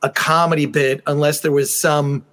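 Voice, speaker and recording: A man's voice: fairly high pitch, moderate pace. A man interviewing a guest, chatting casually and sharing his own stories. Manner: relaxed, conversational, shares own anecdotes. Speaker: interviewer, documentary maker.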